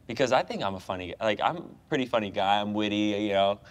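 A young American man speaks in a fairly low voice, spinning an animated story full of "like" and "you know." He laughs often and keeps the tone loose and conversational. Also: quick pace. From United States. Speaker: guest, professional goalkeeper. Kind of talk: casual chat.

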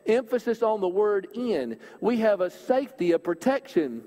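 A male preacher giving a sermon in a church, earnest, speeding up and swelling through scripture readings and dropping low and soft on key points. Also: moderate pace, few pauses. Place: church auditorium. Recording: hall reverb.

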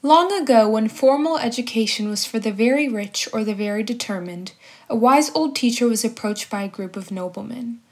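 A woman's voice: fairly high pitch, moderate pace. A woman narrating a short old tale in a scripted, storybook style.

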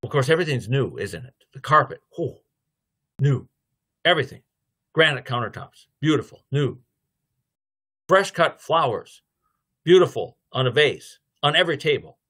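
A man's voice: medium pitch, normal speed, long pauses, husky. A middle-aged man giving a devotional lecture, telling a story and acting out both sides of a conversation. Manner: lively storytelling, acting out dialogue. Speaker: theology lecturer.

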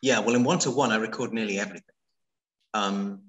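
A man's voice: on the low side, fairly quick, fairly bright tone, poor audio. Man presenter answering webinar questions. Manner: anecdotal, conversational, with rhetorical questions. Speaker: workshop presenter.

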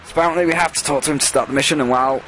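A man's voice: fairly high pitch, fairly even intonation, racing, fairly bright tone, a little hiss or hum. Rambling, profane gameplay commentator man. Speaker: let's play host.

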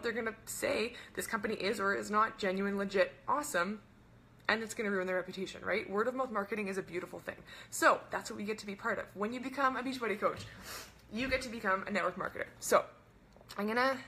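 A young woman hosting a webinar as a wellness coach, talking fast and bubbly in a casual chat full of "like" and "right?". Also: mid-range voice, vocal fry, a bit bright, slight background noise.

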